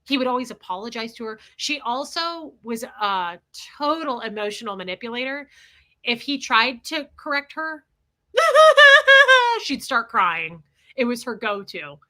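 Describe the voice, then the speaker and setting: A woman hosting a livestream, telling a personal story in a candid, blunt, animated way. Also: fairly high pitch, moderate pace. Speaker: livestream host.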